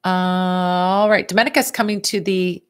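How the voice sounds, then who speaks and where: Middle-aged lady hosting a live q&a, lower voice, chatty, leans hard on words. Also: normal speed, smooth. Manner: chatty and animated, stretching words for emphasis. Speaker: host answering viewer questions. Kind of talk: casual live Q&A chat.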